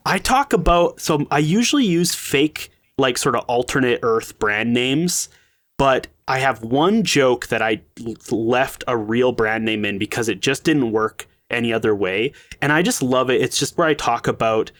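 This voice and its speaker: A man who designs games, talking as a guest in a casual podcast interview, enthusiastic and quick to laugh. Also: medium pitch, lively intonation, a bit bright, no echo.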